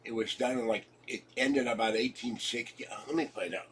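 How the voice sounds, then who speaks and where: A congested man with a husky voice rambles casually at home, chuckling at his own jokes and coughing now and then. He sits at a distance from the mic, so his voice sounds set back in the room. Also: medium pitch, brisk, few pauses, fairly bright tone. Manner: joking, chuckling, wandering from topic to topic. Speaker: vlogger.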